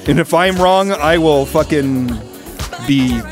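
A man co-hosting a podcast, trading crude jokes, laughing often and slipping into loud shouted voices. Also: on the high side, takes it slowly, music in the background. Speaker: podcast co-host. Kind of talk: crude comedic banter.

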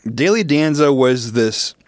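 A man's voice: medium pitch, animated, measured pace, no echo. A man co-hosting a comedy podcast in casual chat, joking and laughing often. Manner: giggly, jokey, laughs often. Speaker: podcast co-host.

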